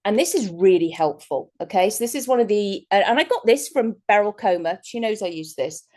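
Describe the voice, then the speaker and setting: A woman's voice: mid-range voice, expressive, fairly quick, darkish tone. A woman giving a chatty, rambling workshop talk as a guest speaker over a video call, often breaking into laughter. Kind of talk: online workshop presentation.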